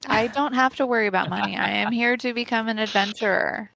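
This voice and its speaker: A woman's voice: fairly high pitch, fairly even intonation, quick pace, vocal fry, fairly bright tone, no room sound, low-quality recording. A woman playing a tabletop game, answering bluntly and matter-of-factly in casual in-character talk. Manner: matter-of-fact, blunt replies.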